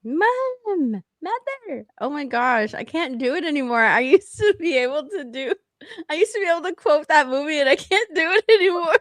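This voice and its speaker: A woman's voice: sits high, animated, moderate pace, dry recording, clean studio sound. A woman co-hosting a casual pop culture podcast, giggly, keeps trying and failing at movie quotes in a Scottish accent. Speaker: podcast co-host. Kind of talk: casual chat.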